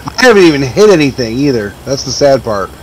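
A man's voice: medium pitch, sing-song, fairly quick, darkish tone, slight background noise, low-quality recording. A man in a game voice chat making short, blunt call-outs to his convoy. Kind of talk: casual voice-chat banter.

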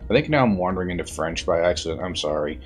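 A man's voice: low-pitched, expressive, fast, soft background music. A man streaming a video game, chatting casually and self-deprecatingly between scenes. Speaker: let's-play streamer.

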